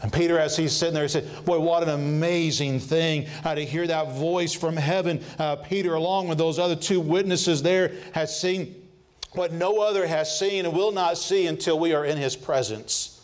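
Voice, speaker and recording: A man preaches a sincere sermon at a fairly high pitch with a steady tone. He frequently hesitates with fillers, restarts phrases, and lingers slowly over scripture.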